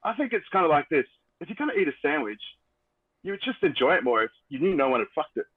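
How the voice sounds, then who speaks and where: A man quoting a deadpan comedy vampire. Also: fairly high pitch, fast talker, slightly rough, no room sound, narrow, tinny audio, voice pushed up. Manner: deadpan, dry.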